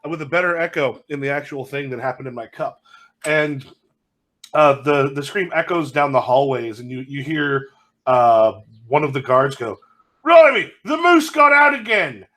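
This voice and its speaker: A man's voice: medium pitch, moderate pace, a bit bright. A man playing an improvised story game, telling his part playfully with fillers. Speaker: player.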